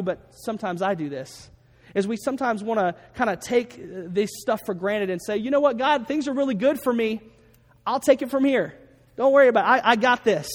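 A pastor preaches a sermon, telling a story and acting out the voices of the people in it. His male voice sits high with a darkish tone, and a long reverb trails the recording.

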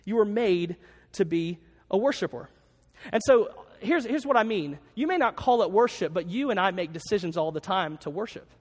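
A pastor with a notably high voice delivers a sermon in a casual, chatty way, restating each main point twice. His voice rings out through a large church space with a long, trailing reverb. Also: expressive, moderate pace. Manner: conversational, repeats key lines for note-taking. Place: church sanctuary with a congregation.

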